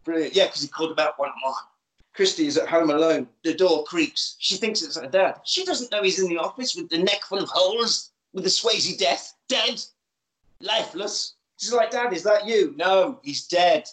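Animated man, echoey room. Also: high-pitched. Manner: animated, acts out lines in quick put-on voices. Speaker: podcast co-host. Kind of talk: casual chat, retelling a film.

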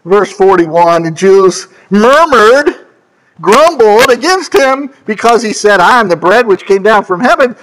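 A man preaching a sermon, quoting scripture and correcting himself as he goes, with emphatic swoops between loud high lines and quiet low ones. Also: expressive, measured pace, a little hiss or hum, rough recording. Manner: scripture quotes and self-corrections.

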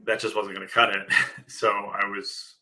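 A man being interviewed on a podcast, telling his story in a relaxed way with dry, sarcastic humor and frequent chuckles. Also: fairly low pitch, moderate pace, poor audio. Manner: wry, dryly sarcastic humor. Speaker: podcast guest, productivity author. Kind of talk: casual interview chat.

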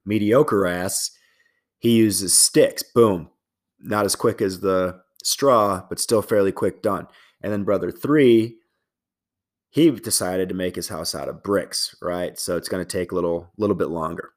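A man's voice: deep voice, a little slow. A middle-aged man hosting a fitness podcast, talking in a loose, rambling, profane casual monologue.

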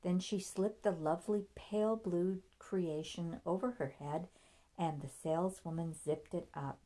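A woman reads a novel aloud with a very low voice. Her delivery is steady and measured, in a plain storytelling manner. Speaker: narrator. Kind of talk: audiobook reading.

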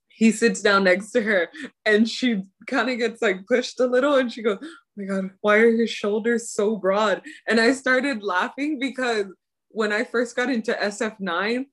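Young woman podcaster, casual chat, gets all worked up and laughs a lot. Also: a little high. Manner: animated, rants with laughter. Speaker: podcast co-host.

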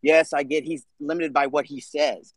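A man's voice: a little high, fairly even intonation, moderate pace, dry recording. A man hosting a casual live audio chat, talking bluntly and swearing freely. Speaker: podcast host.

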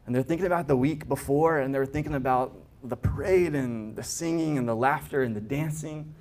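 A man's voice: medium pitch, a little fast, darkish tone. A man preaching as a pastor, earnest, with restarts and emphatic rises. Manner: earnest, builds to emphatic peaks, stammers on restarts. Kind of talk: sermon.

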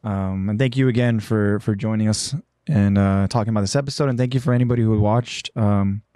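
A man's voice: fairly low pitch, a little fast, mellow, clear, resonant tone, no echo, studio quality. A young man hosting a livestreamed podcast, winding down with loose, easygoing plugs full of fillers. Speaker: podcast host. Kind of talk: casual livestream podcast chat.

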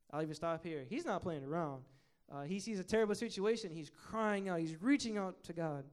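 A man preaching a sermon, reading scripture passionately with loud rising swells and then dropping quiet to explain. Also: fairly high pitch, lively intonation, normal speed.

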